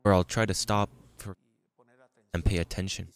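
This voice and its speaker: Deep-voiced male pastor preaching. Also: fairly even intonation, moderate pace, clear, resonant tone. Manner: conversational preaching, restarts, reads scripture aloud. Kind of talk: sermon.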